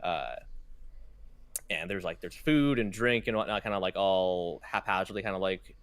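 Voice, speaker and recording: A man's voice: sits low, moderate pace, a bit bright, dry recording. A young man running a tabletop game as game master, rambling through his narration with many restarts. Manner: rambling, full of fillers and restarts, laughs at himself.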